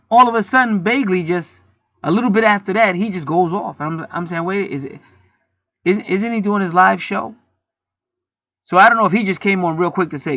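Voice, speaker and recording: A channel host delivers a casual rant to camera, heated, preachy and loaded with swearing. His gravelly, sharp-edged voice is pitched a little above the typical man's. The recording is dry, dull and lo-fi like a home setup, with no echo.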